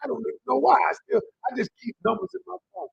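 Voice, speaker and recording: A man's voice: extremely high pitch, big pitch swings, fast, gravelly, dry recording, muffled recording. A relationship coach, a man, telling a personal story on a live stream and talking straight to his viewers in an emotional way, into a handheld mic. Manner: emotional, addresses viewers directly as y'all. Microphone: handheld microphone.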